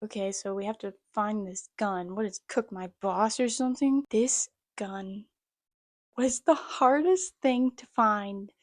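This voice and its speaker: A woman's voice: mid-range voice, a little slow, dry recording. A woman giving joking, sarcastic commentary on an old game. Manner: sarcastic, jokey. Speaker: gaming video host.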